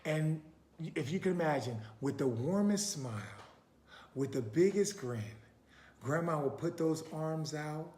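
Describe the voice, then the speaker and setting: A man giving a motivational talk in a preaching manner, pressing with repeated questions and dropping from loud urging to near-whispers. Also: fairly high pitch, a little slow, roomy sound. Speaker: motivational speaker.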